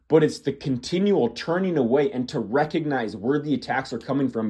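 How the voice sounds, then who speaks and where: A man with a mellow, husky, mid-range voice hosts a podcast, delivering an earnest preaching monologue. He calls the listener "my friend" and leans on emphatic, repeated phrases.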